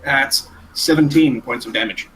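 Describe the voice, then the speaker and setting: A man playing a tabletop game, lively and casually swearing. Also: medium pitch, normal speed, slight background noise, poor audio. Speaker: player.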